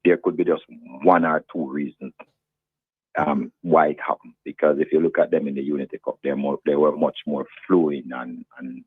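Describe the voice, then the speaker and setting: A man's voice: a bass voice, fairly even intonation, moderate pace, slightly rough, dry recording. A man, a football coach, giving a hesitant interview over a phone line. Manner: hesitant, many restarts.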